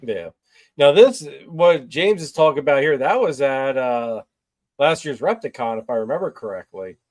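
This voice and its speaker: A man's voice: mid-range voice, animated, normal speed. A man co-hosting a casual podcast, chiming in with short, laid-back agreement and his own stories. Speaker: podcast co-host. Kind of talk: casual chat.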